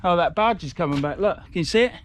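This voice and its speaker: With background noise behind him, this middle-aged English fishing vlogger talks quickly in a high, expressive voice. He's shooting a casual handheld video on a riverside shore, blunt and grumbly, cursing without restraint.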